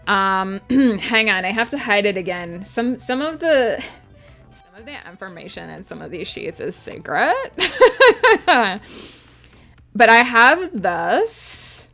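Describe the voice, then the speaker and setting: A woman's voice: medium pitch, sing-song, a little slow, creaky, a bit bright, faint music behind. A woman streaming her writing work, chatting casually with viewers and answering their messages. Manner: chatty, reads chat aloud and answers viewers. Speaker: writer streaming her planning. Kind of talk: casual livestream chat with viewers.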